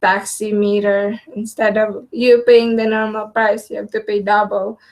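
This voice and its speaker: A woman's voice: medium pitch, level tone, moderate pace, low-quality recording. A woman chatting casually with her partner, speaking plainly about her own reactions. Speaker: co-host, partner. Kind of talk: casual chat.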